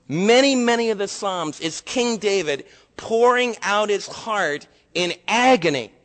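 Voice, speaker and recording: Impassioned male pastor with a high voice. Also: long reverb tail. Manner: impassioned, swinging from loud emphatic peaks to soft low stretches. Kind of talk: sermon.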